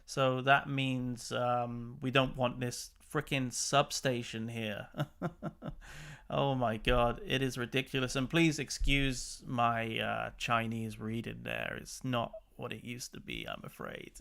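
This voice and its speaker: A man's voice: medium pitch, little pitch movement, slow pace, vocal fry, fairly bright tone, clear, resonant tone. A man hosting a channel, chatting casually and with exasperation as he comments on news clips. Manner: chatty and exasperated, laughs between remarks. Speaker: channel host.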